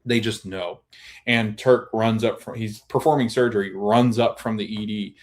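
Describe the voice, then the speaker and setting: A podcast host, a man, recaps a TV episode in a casual, animated way. He backtracks and restarts often, and his voice sits a little low. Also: normal speed. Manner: animated storytelling with many restarts.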